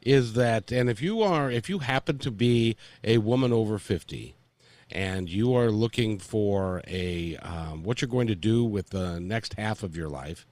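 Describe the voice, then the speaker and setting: A man's voice: lowish voice, measured pace, no room sound. An older man hosting a casual panel talk, joking and often restarting his sentences. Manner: joking, self-interrupting, lively. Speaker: talk show host.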